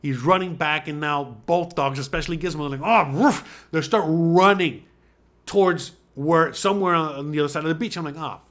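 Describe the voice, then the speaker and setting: A man hosting a podcast, telling a rambling, profane story in a casual way and acting out barks and his own shouts. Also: on the high side, fairly quick. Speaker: podcast host.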